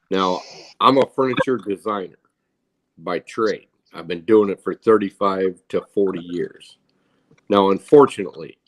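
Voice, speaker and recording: A middle-aged man with a fairly low voice speaks in a measured, advice-giving way. The sound is dry and close, with no room echo. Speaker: panel guest. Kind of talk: casual chat.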